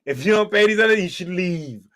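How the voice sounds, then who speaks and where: A man's voice: high voice, lively intonation, a little fast, a bit bright. A man hosting a sports podcast, ranting casually in a heated, profane way. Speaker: podcast host. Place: podcast studio.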